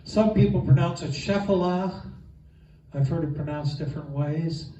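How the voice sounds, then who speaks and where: This man speaks fairly quickly in a mellow, somewhat high voice while teaching a Bible geography class. His informal lecture is enthusiastic and conversational, full of fillers. It was captured by a distant mic in an echoey room, sounding dull with slight background noise.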